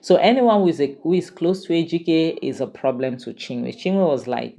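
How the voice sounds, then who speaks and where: Woman, low voice, chatty, opinionated, casual drama recap. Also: animated, normal speed, vocal fry, warm tone. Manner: chatty and opinionated, with exclamations and asides. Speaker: drama reviewer.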